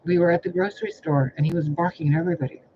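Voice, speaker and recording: A man's voice: fairly high pitch, steady tone, racing, mellow. A man telling rambling personal stories in a casual vlog, exasperated and heavy on profanity. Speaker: spiritual reader recounting personal life. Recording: dull lo-fi audio with faint hiss.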